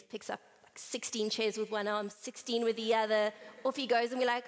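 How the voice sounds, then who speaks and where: A woman's voice: on the high side, little pitch movement, fairly quick. A woman speaker at a conference, preaching and reading scripture in a conversational, storytelling manner. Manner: conversational, storytelling with playful asides. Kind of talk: sermon with Bible reading. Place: conference hall. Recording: reverberant hall.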